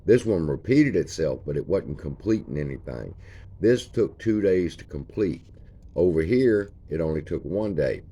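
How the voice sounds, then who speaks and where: Man, very deep voice, casual chart walkthrough, folksy. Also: animated, normal speed, mellow, husky. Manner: folksy, points at chart features as he talks. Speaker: stock channel host.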